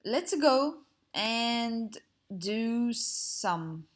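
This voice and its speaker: A woman teacher giving a slow, patient grammar lesson to young pupils in a sing-song explaining manner. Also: on the high side, expressive.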